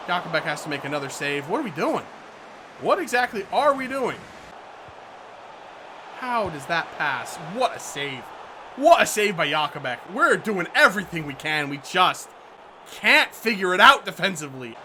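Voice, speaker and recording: A man commentating his own football video game match, muttering in frustration and shouting out at goals and bad calls. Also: fairly high pitch, lively intonation, normal speed, music in the background. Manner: frustrated muttering between outbursts. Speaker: gaming YouTuber. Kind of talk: live gameplay commentary.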